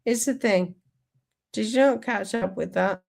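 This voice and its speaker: A woman's voice: medium pitch, measured pace, creaky, darkish tone. A woman streaming, ranting angrily and sarcastically over a played speech, swearing constantly.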